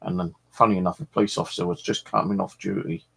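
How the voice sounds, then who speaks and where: Man, middle-aged, very low gravelly voice, rambling chatty host, swears a lot. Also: fairly even intonation, quick pace, low-quality recording. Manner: chatty storyteller, swears freely. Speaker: fishing channel host. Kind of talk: rambling casual chat.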